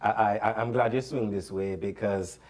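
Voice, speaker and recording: A man's voice: fairly low pitch, steady tone, normal speed, darkish tone. A man with a Caribbean accent, a public speaker, talking casually on a panel and affirming others often. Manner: agreeable, frequent affirmations.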